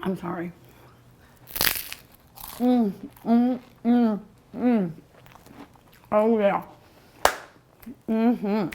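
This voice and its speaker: A woman's voice: medium pitch, drawn-out words, long pauses, warm tone, a little hiss or hum. A woman hosting a cooking show, tasting food in casual commentary, savoring each bite with delighted hums and exclamations.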